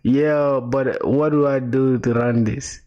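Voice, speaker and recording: A man's voice: mid-range voice, fairly even intonation, slow pace, highs cut off. Laid-back young man streaming code. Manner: laid-back, slangy, calls viewers bro and my boy; answers chat while thinking aloud, with fillers and restarts. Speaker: coding livestreamer. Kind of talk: casual live-stream chat.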